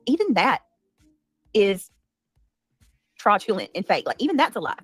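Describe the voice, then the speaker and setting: A woman's voice: fairly high pitch, a bit bright, dry recording. A woman hosting a commentary livestream, talking in an indignant, defensive and emphatic way. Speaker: livestream host.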